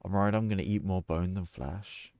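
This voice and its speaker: A man's voice: sits low, brisk, a little mellow, no room sound. A man streaming a horror game, joking and chatting casually with plenty of swearing. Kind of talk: gaming stream commentary.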